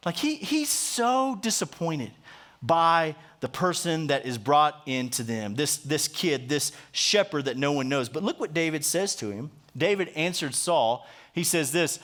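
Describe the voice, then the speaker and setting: High-voiced preacher telling a Bible story. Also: male voice, expressive, a little slow, fairly bright tone. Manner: conversational storytelling with frequent restarts. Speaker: pastor. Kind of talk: sermon.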